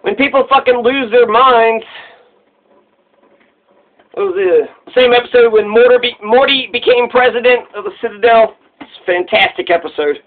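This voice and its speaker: Male commentator, high voice, loose profane monologue, lo-fi phone-quality sound. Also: normal speed. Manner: rambling, profane, restarts mid-thought. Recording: tinny phone-like recording.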